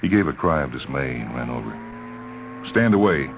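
A man narrating a story in a measured, dramatic reading on a tinny old radio recording. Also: extremely low pitch, expressive, noisy background.

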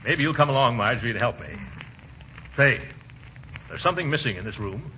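An actor playing a blustery, pompous middle-aged uncle in a 1940s radio comedy, with a flustered, bombastic delivery. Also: male voice, expressive, a little fast, sharp tone, slight background noise. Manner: bombastic, flustered, booming outbursts. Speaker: uncle and employer. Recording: muffled old radio broadcast.

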